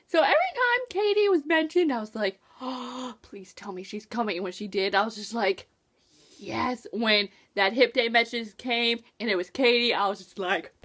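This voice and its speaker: A young woman excitedly reviewing a book in a casual vlog, gushing and acting out her own reactions. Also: high-pitched. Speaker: book vlogger.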